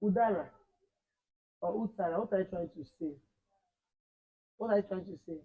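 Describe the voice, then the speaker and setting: A man with a high-sitting voice teaches children a language class fairly quickly, quizzing them and repeating and correcting phrases as he switches between Igbo and English. The audio is narrow and tinny.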